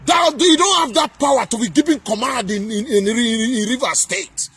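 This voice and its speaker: A man delivering heated political commentary in a vlog, emphatic and sing-song, often breaking into shouts. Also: very high voice, moderate pace, husky, faint music behind.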